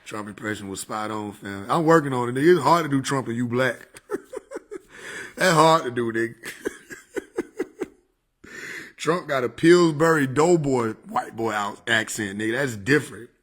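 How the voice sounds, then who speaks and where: A man's voice: medium pitch, very animated, a little slow, pauses often, fairly bright tone. A man casually chatting on a livestream into a desk microphone, joking, swearing and laughing often. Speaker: streamer.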